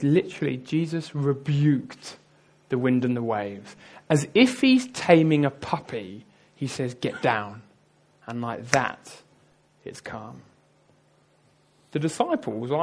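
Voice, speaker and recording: A man's voice: medium pitch, measured pace. A man preaching a sermon, retelling a story vividly and talking straight to his audience. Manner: lively storytelling, addresses the audience directly.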